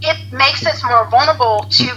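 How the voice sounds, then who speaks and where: A woman's voice: sits high, a little fast, sharp tone, a little hiss or hum, poor audio. A woman guest on a podcast, talking in a candid, chatty way. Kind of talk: casual chat.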